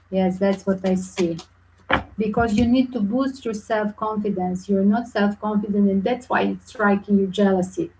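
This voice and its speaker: Woman doing tarot readings live, chatty, animated, english with little slips, mid pitch. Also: a little hiss or hum, rough recording. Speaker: tarot reader.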